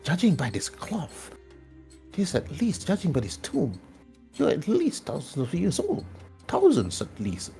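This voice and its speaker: A man voicing a scholarly man who murmurs quietly while studying an ancient tomb. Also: deep voice, lively intonation, moderate pace, vocal fry, few pauses, soft background music, pitched below the performer's own voice. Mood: hushed.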